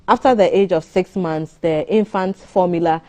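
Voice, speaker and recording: A woman doctor gives careful, measured advice in a TV studio interview. Her voice sits a little low and has a warm, mellow tone. She explains steadily, often rephrasing to make a point clear. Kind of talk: studio interview on a morning TV show.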